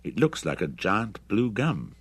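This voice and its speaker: A man's voice: on the low side, huge pitch swings, unhurried, husky, heavily acted. A man voicing a blunt male mercenary commander who talks curt and commanding.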